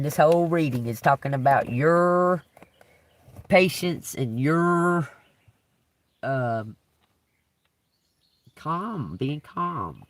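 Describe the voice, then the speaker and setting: A man's voice: fairly high pitch, far from the mic. A man doing a live-stream tarot reading, talking casually, swearing freely and laughing often. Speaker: tarot reader.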